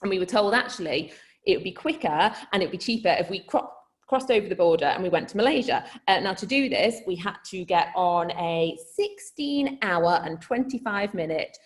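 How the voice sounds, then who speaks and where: A woman's voice: mid-range voice, animated, a little fast. A woman with a Scouse accent telling a comic story to a live crowd, chatty and self-mocking, laughing mid-sentence and swearing freely. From Liverpool, England.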